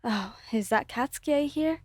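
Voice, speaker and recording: A woman voicing a loving, worried middle-aged mother in a soft, hushed, fussing whispered role-play. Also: a little high, normal speed, dry recording, close to an everyday voice.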